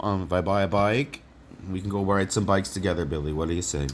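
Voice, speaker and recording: Deep-voiced man ranting profanely. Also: fairly even intonation, quick pace, a little hiss or hum. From Canada. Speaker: vlogger. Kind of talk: rambling monologue to camera.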